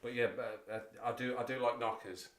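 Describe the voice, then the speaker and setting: A man's voice: mid-range voice, level tone, brisk, a bit bright, a little hiss or hum. A man in his forties hosting a casual livestream chat, rambling and self-deprecating as he talks to viewers. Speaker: livestream host.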